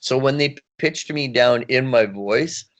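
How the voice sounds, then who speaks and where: A middle-aged man, a voice actor, chatting in an interview with a rambling, animated manner. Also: medium pitch, a little slow. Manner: animated, rambling, laughs often. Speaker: voice actor, guest. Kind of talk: casual interview chat.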